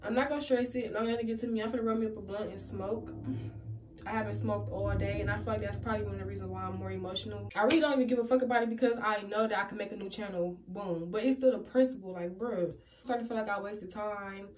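A woman's voice: mid-range voice, steady tone, fast, background noise. Rambling, slangy young woman vlogger. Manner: rambling, slangy, swears freely, talks straight to viewers. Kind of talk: casual vlog talk to camera.

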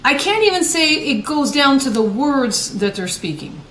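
Woman, evangelist, sermon broadcast, emphatic preaching, repeated restarts, slightly high voice, echoey room. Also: big pitch swings, moderate pace, fairly bright tone, distant mic, slight background noise. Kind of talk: sermon broadcast with scripture reading. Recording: roomy echo.

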